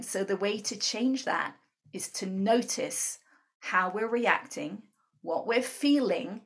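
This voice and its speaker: Woman interview guest, earnest explainer, mid-pitched, checks in with "right?". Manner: earnest, often adds "right?". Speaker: guest speaker on emotional tapping.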